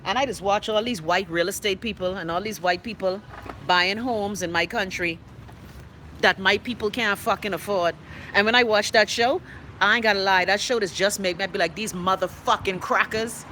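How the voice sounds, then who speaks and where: A woman's voice: mid-range voice, moderate pace, pushed and bright, a little hiss or hum. A middle-aged woman with a Bahamian accent hosting a casual live stream, blunt and profane as she rants and reads comments. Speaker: live-stream host reading viewer comments.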